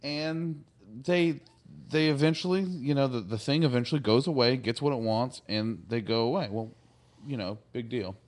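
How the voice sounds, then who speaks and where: A man's voice: mid-range voice, moderate pace, darkish tone. A man in a casual podcast chat who retells a TV episode in a loose, rambling way, chuckling and filling gaps with "like" and "you know.". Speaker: podcast co-host.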